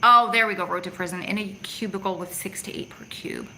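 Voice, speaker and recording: A woman's voice: mid-range voice, steady tone, fairly quick, bright, forceful tone, a little hiss or hum, rough recording. A middle-aged woman hosting a casual livestream outdoors on her phone, chatty and reading out viewers' comments as she answers them. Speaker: vlog host reading live chat. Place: outdoors in the city at evening.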